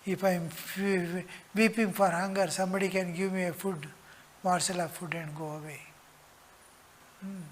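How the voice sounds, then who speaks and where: A man giving a spiritual discourse as a monk teacher, earnest and slow, at times dropping into a whisper. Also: high-pitched, steady tone, slight background noise. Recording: long hall reverb.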